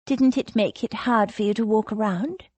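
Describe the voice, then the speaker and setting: A woman's voice: mid-range voice, moderate pace, darkish tone, husky, dry recording, natural voice. A woman reading an audiobook voices a spirited young noblewoman with an eager, pressing manner.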